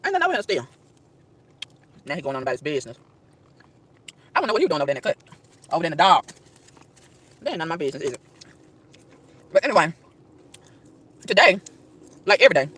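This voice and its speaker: A woman's voice: mid-range voice, sharp tone, breathy edge. A woman outdoors in a park, delivering an emphatic, preachy rant to camera, firing rhetorical questions and tripping over repeated words. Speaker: vlogger.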